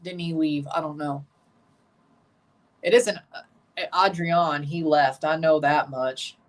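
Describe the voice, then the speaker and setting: A woman's voice: deep voice, steady tone, takes it slowly, distant mic. A woman hosting a live watchalong stream, chatting with opinions and reacting aloud to the plays as they happen. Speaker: livestream host.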